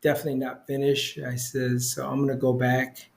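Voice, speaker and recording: A man's voice: completely flat delivery, a little fast, creaky, darkish tone. A middle-aged man, a spiritual healer, telling his story in a casual, rambling way, full of "you know" fillers. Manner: acts out quoted voices with big pitch jumps. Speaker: interview guest, spiritual healer.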